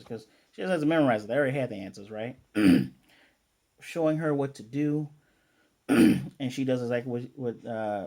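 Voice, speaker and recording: Mellow-voiced man recapping an anime. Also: medium pitch. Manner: retells scenes with quick quoted character lines; chatty, with fillers and throat clearing. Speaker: anime reviewer. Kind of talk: casual episode recap and review.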